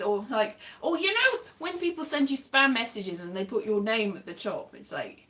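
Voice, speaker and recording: Young female livestream host, playful and self-mocking, higher voice with lively pitch. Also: normal speed, few pauses, recorded from a distance. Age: 20s. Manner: chatty, self-mocking, laughs often. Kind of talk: casual livestream chat.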